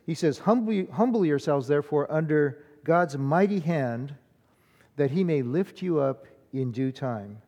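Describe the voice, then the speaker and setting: A man's voice: fairly high pitch, animated, a little slow, dark tone, lo-fi sound. Earnest male pastor in a reverberant hall. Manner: earnest and conversational, with frequent restarts and "uh" fillers. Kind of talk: sermon.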